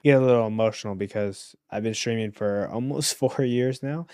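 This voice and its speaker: A young man livestreaming while making beats, chatting casually and excitably with his viewers, swinging between loud bursts and quiet mumbling. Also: medium pitch, a little fast, few pauses, no room sound, clean studio sound. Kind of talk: casual chat to stream viewers.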